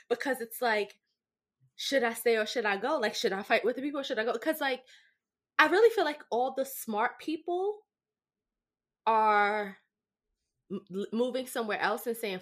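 A young adult woman co-hosting a podcast, telling stories in a lively, profane, casual way and often asking "right?". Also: mid-range voice. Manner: animated, profane storytelling with lots of "right?". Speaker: podcast co-host. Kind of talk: casual chat.

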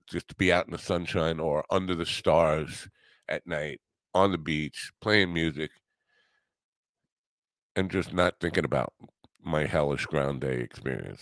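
A podcast host with a very deep voice rambles through his week in a gloomy, self-mocking way, tossing in crude jokes. His voice is recorded close and dry, with no room around it. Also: vocal fry, dry recording. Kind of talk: casual rambling chat.

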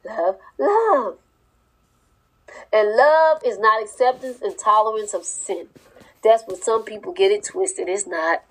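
A woman's voice: medium pitch, expressive, takes it slowly, slightly rough, poor audio. A woman preaching with a fervent, emphatic cadence and informal speech. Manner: informal speech with dropped verb endings. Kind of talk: sermon-style teaching.

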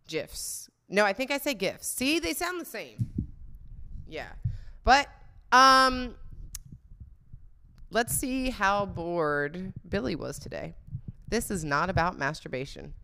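A young woman hosts a casual podcast, chatting candidly and laughing often. Her voice is smooth and clear, and it bounces around a lot in pitch as she goes. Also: pushed and bright. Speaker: podcast host. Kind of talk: casual confessional storytelling.

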